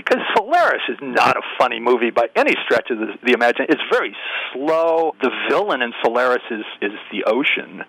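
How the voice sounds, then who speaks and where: A man's voice: medium pitch, pushed and bright, no echo, low-quality recording. An older man, an interview guest, telling wry, self-deprecating stories in a casual way. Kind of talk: casual storytelling.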